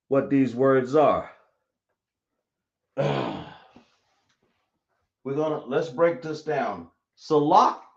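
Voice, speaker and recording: A man teaching a class live, explaining slowly and repeating himself as he checks that everyone follows. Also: mid-range voice. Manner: slow, repetitive explaining, checking the class often. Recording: echoey room, dull lo-fi sound.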